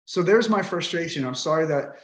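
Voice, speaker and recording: A man's voice: fairly high pitch, lively intonation, fairly quick. A man in his fifties, a podcast guest, talking with frustration and swearing bluntly as he vents. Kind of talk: emotional interview talk.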